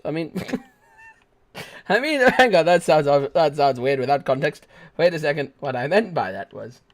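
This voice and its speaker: His voice is on the high side and very animated, at a normal speed. The young adult gaming streamer rambles goofily through casual live commentary on a shooter game, bursting into shrieks, laughter and sung bits.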